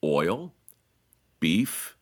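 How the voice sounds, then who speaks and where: A middle-aged man talks in a casual podcast, his voice sitting very low but rising and falling in wide swings. He tells stories with laughs and slips into mimicked voices. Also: big pitch swings, drawn-out words. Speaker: podcast co-host. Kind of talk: casual chat.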